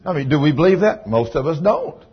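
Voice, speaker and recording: A man preaching a sermon, telling healing stories in a folksy way that moves from hushed retelling to loud praise. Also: a little high, sing-song, brisk, breathy edge. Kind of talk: sermon storytelling. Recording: dull lo-fi recording with faint noise.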